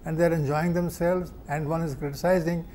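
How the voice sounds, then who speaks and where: Man lecturing, halting and filler-heavy. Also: fairly high pitch, steady tone, dark tone, a little hiss or hum. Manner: explains slowly with many fillers and restarts. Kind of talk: academic lecture.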